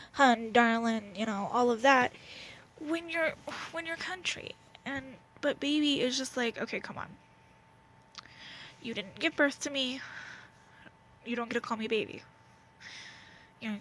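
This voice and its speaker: A woman's voice: on the high side, a little hiss or hum, rough recording. Blunt rambling Southern woman. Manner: rambling and blunt, heavy on fillers. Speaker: vlogger. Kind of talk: candid casual rant to camera. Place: at home, wrapped in a blanket.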